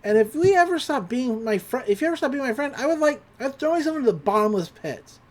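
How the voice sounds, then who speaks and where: A woman's voice: sits high, animated, fast, pitched above the performer's own voice. A woman voicing a laid-back teenage girl in a podcast recap, slangy and reassuring.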